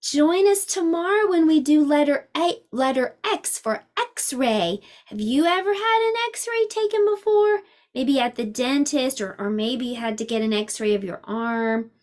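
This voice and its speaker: A woman teaching a preschool class, speaking gently and expressively to young children and reading a picture book aloud. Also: high voice, lively intonation, a little slow.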